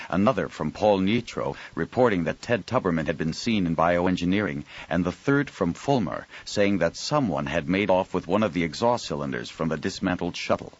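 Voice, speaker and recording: A man narrating an audiobook in an even storytelling delivery. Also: deep voice, muffled recording. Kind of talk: scripted narration.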